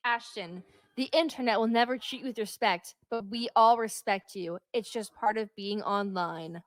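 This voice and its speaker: A woman chatting casually with friends in a big house, animated and self-deprecating. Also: mid-range voice, moderate pace, no echo. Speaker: guest in a group chat. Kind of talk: casual chat. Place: large echoey house.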